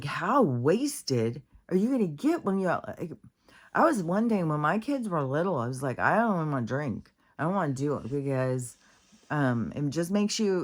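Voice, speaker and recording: A woman vlogger telling a story in a rambling casual monologue, with many fillers, restarts and blunt swearing. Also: extremely low pitch. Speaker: spiritual vlogger.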